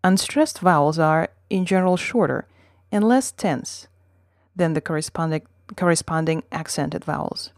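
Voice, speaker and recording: Female podcast teacher, deep voice, dry close sound, steady scripted explanation. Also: no room sound. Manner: measured, explanatory reading with model words. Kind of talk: scripted lesson reading.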